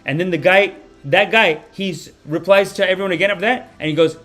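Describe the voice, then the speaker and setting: Canadian guy ranting on his live stream, cursing a lot, kinda high voice, loud bursts then mumbly bits. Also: a little fast, soft background music. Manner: profane, animated, swings between loud outbursts and mumbles. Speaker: podcast host. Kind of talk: live-stream satirical commentary.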